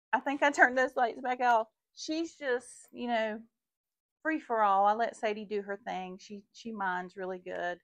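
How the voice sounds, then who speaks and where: A woman's voice: fairly high pitch, no room sound, muffled recording. Chatty woman telling a story. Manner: chatty, addresses viewers as y'all. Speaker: vintage shop owner and vlogger. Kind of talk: casual storytime while working. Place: her vintage shop booth.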